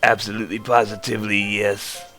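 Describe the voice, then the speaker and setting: A man voicing a cheery, kindly older woman in a high, sing-song, fussing voice. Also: level tone, fairly quick, music in the background, natural voice. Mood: fond.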